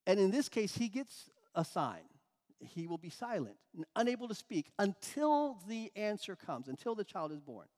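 High-voiced preacher in a reverberant hall. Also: male voice, sing-song, darkish tone. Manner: explanatory, emphatic, pauses and restarts. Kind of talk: sermon.

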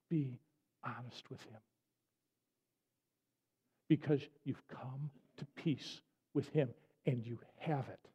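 Male pastor, sermon, mellow, slightly high voice, chatty storytelling, long hall reverb, dull sound. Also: slow pace, breathy edge. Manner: conversational storytelling, many restarts and asides.

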